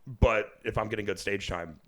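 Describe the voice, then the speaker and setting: A man, a comedian guest on a podcast, telling stories in a loose, profane, laughing way, high at the time. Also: moderate pace. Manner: profane, laughing, animated storyteller. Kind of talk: casual podcast storytelling.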